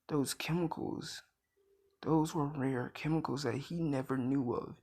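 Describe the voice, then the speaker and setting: A young man casually narrates a fan story at an unhurried pace. He rambles along with plenty of filler words and stops to correct himself mid-sentence. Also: medium pitch.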